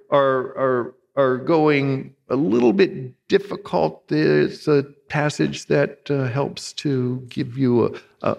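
A man's voice: mid-range voice, vocal fry, in a large hall. A man in his sixties from Pennsylvania, a retired pastor preaching a sermon with folksy, humorous storytelling. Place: church sanctuary.

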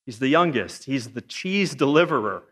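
A man preaching a sermon in a lively, joking way, firing off rhetorical questions. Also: mid-range voice, moderate pace. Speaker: pastor. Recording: long hall reverb.

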